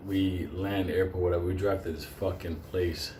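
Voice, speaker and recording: A man spins a rambling, profanity-laced story, laughing as he goes. His voice sits on the low side, and the echoey room around him carries a faint hum of ambience. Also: level tone, normal speed, darkish tone. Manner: digressive, swears constantly, laughs through his story. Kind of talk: casual profane anecdote.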